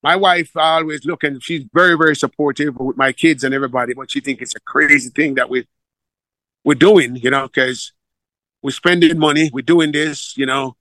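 A middle-aged Jamaican man with a fairly high, forceful voice, recorded close and dry. He is a football coach who tells his stories with energy and slips into the voices of the people he quotes. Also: normal speed, no echo, rough recording. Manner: animated storyteller, acts out quoted dialogue. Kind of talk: casual interview storytelling.

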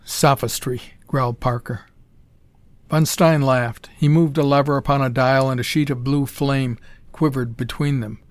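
Man narrating in a measured, dramatic tone. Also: medium pitch, fairly even intonation, no room sound. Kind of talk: scripted audiobook narration.

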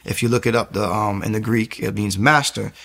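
Gravelly-voiced man telling his testimony. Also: fairly low pitch, a little fast. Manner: earnest, acts out quoted people in lively bursts. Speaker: speaker sharing a testimony. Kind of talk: personal faith testimony storytelling.

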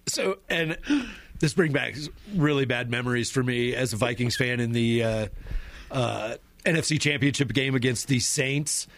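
A man's voice: mid-range voice, moderate pace, a bit bright. A man co-hosting a casual sports radio show, laughing and telling stories. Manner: laughing, storytelling. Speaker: radio co-host.

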